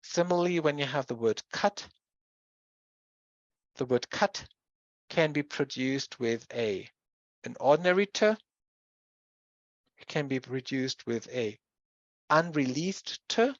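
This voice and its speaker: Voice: mid-range voice, animated, no echo. Muffled lecturer explaining phonology. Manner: explanatory, with pauses and self-corrections. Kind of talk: university lecture.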